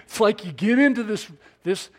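A middle-aged man preaching a sermon as pastor, folksy and self-deprecating, stumbling over restarts and swinging from soft asides to loud emphasis. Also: high-pitched, moderate pace. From Southern California.

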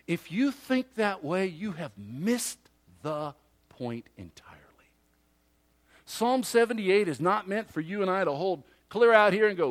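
A male pastor preaching a sermon emphatically, swinging from loud declarations to hushed asides and acting out imagined listeners. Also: high voice, animated, normal speed.

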